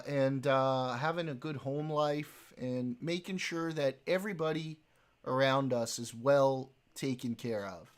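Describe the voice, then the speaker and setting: A man voicing a folksy, earnest male small-town Midwesterner, talking about family values in a slow, homespun way. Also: mid-range voice, a bit bright.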